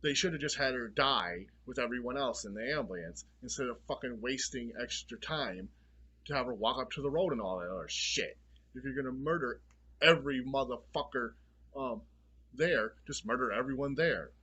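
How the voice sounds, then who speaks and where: Man, movie reviewer, bright edgy tone with a husky rasp; blunt, profane, fed-up rant. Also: mid-range voice, moderate pace. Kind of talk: casual ranting review.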